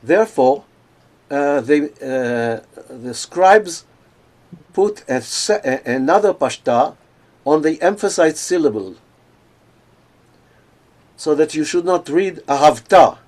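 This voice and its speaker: An older man giving an academic lecture over a video call, pausing often with fillers and restarts. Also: a little high, animated, darkish tone. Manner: hesitant, many fillers and restarts.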